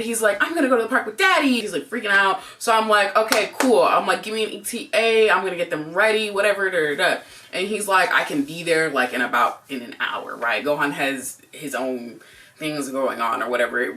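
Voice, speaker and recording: A young woman co-hosting a couple's channel, telling a story in a casual, animated way, full of "like" and acted-out quotes. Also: fairly low pitch. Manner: animated, heavy use of "like", acts out quotes. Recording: voice a bit distant from mic.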